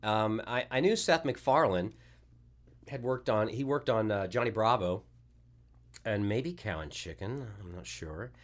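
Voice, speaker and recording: Speaking a little slowly in a fairly low voice, this man, a voice actor by trade, appears as a guest in a casual podcast interview. He rambles loosely, restarts often, and laughs at his own anecdotes.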